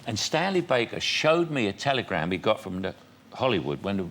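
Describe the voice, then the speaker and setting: Older man telling bright, chuckling anecdotes. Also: fairly low pitch, sing-song, brisk, slight background noise. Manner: chatty storyteller, quoting dialogue, laughing often. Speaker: guest. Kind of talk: talk show anecdotes.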